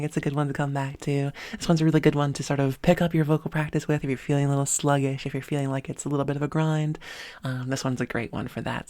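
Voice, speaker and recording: A woman's voice: low-pitched, a little mellow, no room sound. A woman voice coach talking at a desk microphone, explaining exercises step by step in an upbeat way. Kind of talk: spoken voice lesson.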